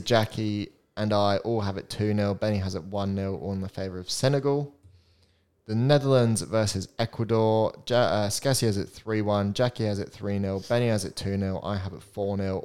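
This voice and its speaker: A man's voice: on the low side, fairly even intonation, normal speed, darkish tone, clean tone. A young man hosting a casual podcast chat, reading out score predictions and laughing often. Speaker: podcast host.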